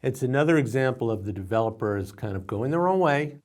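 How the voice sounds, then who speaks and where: A man co-hosting a casual chat as an industry analyst, speaking in a relaxed, measured way. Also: mid-range voice. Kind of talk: casual discussion.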